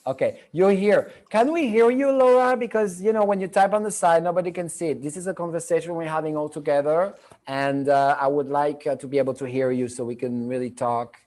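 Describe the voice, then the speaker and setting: A fairly high, darkish voice belongs to a middle-aged man with a French accent who hosts a live show as a medium over video call. He talks a little fast, chatty and rambling, often repeating himself into his computer mic.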